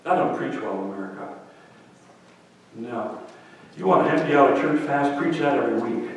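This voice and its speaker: A male pastor preaching a lively sermon in a church, swinging between loud and hushed. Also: mid-range voice, normal speed, slight background noise. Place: church sanctuary. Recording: echoey hall, voice from far off.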